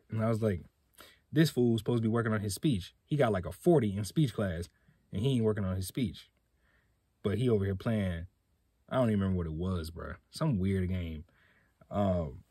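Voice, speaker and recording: A man's voice: lowish voice, warm tone, breathy edge, dry recording, studio quality. A young man hosting a podcast, telling a personal story in a laid-back, slangy way. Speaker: podcast host. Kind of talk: casual storytelling.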